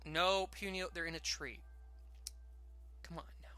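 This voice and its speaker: A man's voice: on the high side, measured pace, long pauses, sharp tone, clean tone. A man giving casual, rambling gameplay commentary with a jokey, self-mocking tone. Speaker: let's play host.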